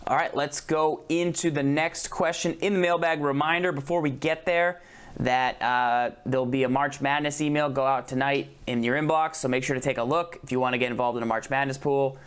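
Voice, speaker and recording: A man's voice: mid-range voice, smooth. A man hosting a casual gaming show, laid-back and joking as he moves things along. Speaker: show host.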